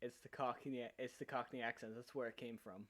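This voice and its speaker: A man's voice: medium pitch, fairly even intonation, a little fast. A man co-hosting a casual stream chat, rambling and correcting himself, laughing mid-sentence. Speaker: co-host.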